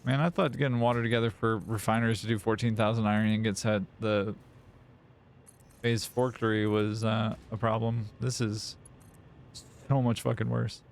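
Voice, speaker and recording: A man's voice: lowish voice, level tone, normal speed, creaky, a little hiss or hum. A man live-streaming a factory-building game, rambling in casual, self-mocking chat and swearing freely into a desk mic.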